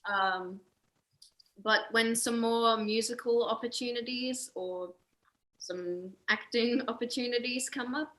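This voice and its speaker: A woman's voice: a little high, fairly even intonation, slow pace, fairly bright tone. A teenage Australian girl answering interview questions over a video call, hesitant with many ums and little laughs. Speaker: guest, young singer.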